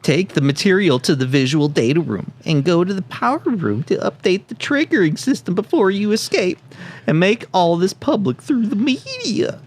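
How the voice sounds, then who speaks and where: A man's voice: sits high, sing-song, moderate pace, voice pushed up, exaggerated voice. A man putting on a nerdy scientist with a Southern accent. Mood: pleading. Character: nerdy male scientist writing a farewell letter.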